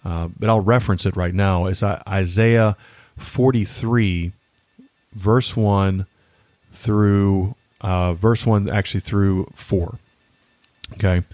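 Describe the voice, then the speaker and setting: A man in his thirties hosting a faith podcast, talking about grief in an earnest, halting way with many fillers and restarts. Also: low-pitched, fairly even intonation, darkish tone, no echo. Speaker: podcast host. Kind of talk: faith-based personal reflection.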